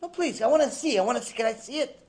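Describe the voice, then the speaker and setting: A nosy, stubborn American man, put on by a man telling a story, asking again and again and refusing to drop it. He is somewhat quieter than the narration, but the voice is still high. It is a light, everyday character voice. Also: expressive, very fast, creaky, exaggerated voice. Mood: pushy. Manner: persistent, prying, quieter.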